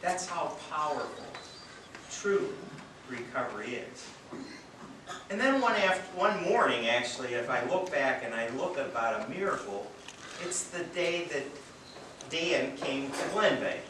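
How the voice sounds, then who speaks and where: A man's voice: mid-range voice, expressive, unhurried. Earnest man telling stories in a very echoey event space. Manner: earnest storytelling with light self-deprecating humor. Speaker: treatment center director giving a speech. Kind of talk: public speech at a charity event. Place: event venue, indoors or under a tent. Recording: very echoey, distant from mic, noisy.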